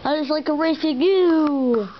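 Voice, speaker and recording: A woman's voice: high-pitched, a little slow. A woman voicing a snarky food court visitor who mocks and exclaims. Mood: taunting. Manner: mocking, exclaiming. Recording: dull lo-fi recording with loud hiss and clicks.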